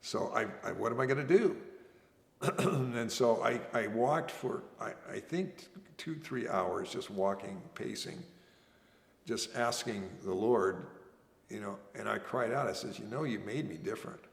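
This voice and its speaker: A man telling his own story as a veteran, earnest and halting, often restarting his sentences. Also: on the low side, creaky. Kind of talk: oral history storytelling. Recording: echoey room with long reverb.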